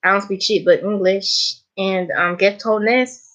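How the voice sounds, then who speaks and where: A woman's voice: medium pitch, fairly even intonation, measured pace, a bit bright. A Southern woman chatting casually to her viewers, laughing often and calling them honey. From American South. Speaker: vlogger. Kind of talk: casual chat to camera.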